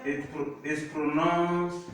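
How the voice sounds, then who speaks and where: A man teaching slowly and patiently, with a fairly high voice. He repeats every word and keeps checking that the listener follows. He sounds far from the mic, in a very echoey room with faint noise behind him. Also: level tone, fairly bright tone. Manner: slow, repeats words and checks understanding. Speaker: French teacher. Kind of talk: classroom-style language lesson.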